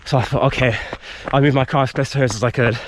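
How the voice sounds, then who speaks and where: A man's voice: medium pitch, fast talker, background noise. Man telling a story on a run. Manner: rambling, animated retelling with frequent fillers. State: slightly tired from running. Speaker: vlogger. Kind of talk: casual storytelling while out running. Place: outdoors in a wood.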